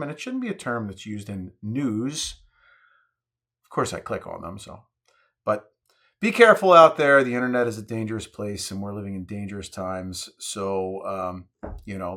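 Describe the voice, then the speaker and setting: A man's voice: lowish voice, lively intonation, normal speed, a bit bright. A man hosting a casual vlog, chatting in a wry, jokey way while making a cocktail. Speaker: host.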